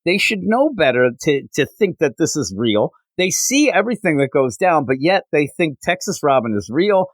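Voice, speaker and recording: A man hosting a podcast, casually recapping a comic book issue in an animated way with frequent fillers. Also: a little high, normal speed, few pauses, no echo, low-quality recording. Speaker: podcast host.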